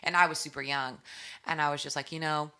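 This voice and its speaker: A young woman, a musician guest on a podcast interview, telling animated stories and acting out quotes. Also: deep voice, fast, clear, resonant tone. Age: young adult. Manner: animated storytelling, acts out quotes.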